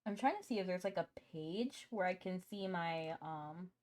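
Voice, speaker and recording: A woman's voice: fairly low pitch, moderate pace, darkish tone. Chatty woman streamer, laughs often. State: coughing now and then. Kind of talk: casual live-stream chat.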